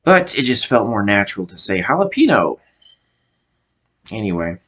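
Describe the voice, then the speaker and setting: Man, American accent, deep voice, casual review monologue, halting, searching for words. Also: big pitch swings, a bit bright. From United States. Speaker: show reviewer.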